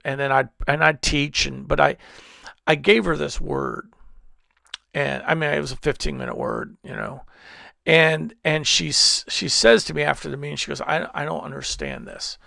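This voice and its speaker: A male pastor preaches in a lively, swooping voice with a heavy gravelly rasp. He rambles through stories, restarting his sentences again and again. The recording is dry and close, with little room sound. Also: on the high side, no room sound. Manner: rambling storytelling with many restarts. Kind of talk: sermon. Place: church service.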